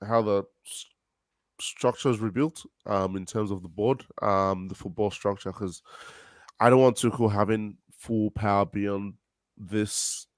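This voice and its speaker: Sick guy chatting football, low voice, dry close sound, laid back, chuckly. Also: steady tone, measured pace, no echo. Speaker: panelist. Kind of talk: casual football chat.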